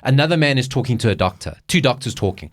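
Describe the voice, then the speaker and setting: A man co-hosting a casual podcast, retelling movie plots in an animated way and swearing freely. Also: medium pitch, quick pace. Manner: animated storytelling, swears, acts out quotes. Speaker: podcast co-host. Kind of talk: casual chat.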